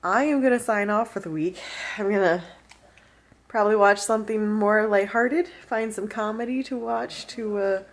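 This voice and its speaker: A woman's voice: mid-range voice, normal speed. A woman in her thirties chatting casually at home for her weekly vlog, laughing often and talking to her dogs. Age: 30s. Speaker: vlogger. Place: at home indoors.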